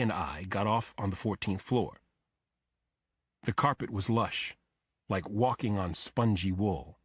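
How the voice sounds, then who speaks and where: A man reads a crime thriller audiobook with a measured, even delivery. His voice sits low with a husky grain. The recording is dry and close, with no room sound. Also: dry recording. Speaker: audiobook narrator. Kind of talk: scripted first-person narration.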